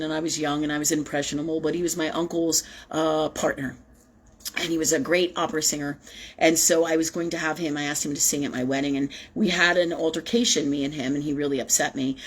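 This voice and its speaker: A woman hosting a live spiritual talk show, rambling and emphatic, swearing freely as she talks to her viewers. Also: sits low. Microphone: webcam or phone on a live stream.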